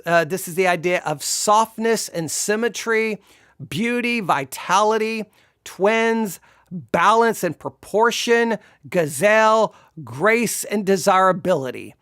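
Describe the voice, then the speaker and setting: A man giving a sarcastic, exasperated commentary while reviewing a sermon, shifting between slow explanation and animated disbelief. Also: sits high, dry recording, studio quality. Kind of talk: video commentary.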